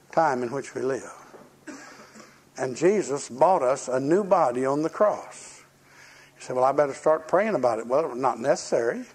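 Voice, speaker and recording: A man's voice: mid-range voice, darkish tone, breathy edge. An older man preaching a sermon in a folksy, storytelling way, acting out the voices of people in his stories.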